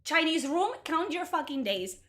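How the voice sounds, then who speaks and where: Animated high-voiced woman streamer. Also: normal speed. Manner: exasperated, swears a lot, switches into Spanish. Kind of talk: casual gaming livestream commentary.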